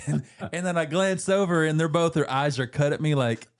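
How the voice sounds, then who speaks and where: A man's voice: fairly high pitch, brisk, clean tone. A man co-hosting a podcast, telling stories in casual chat, acting out the voices he quotes and laughing often. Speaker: podcast co-host.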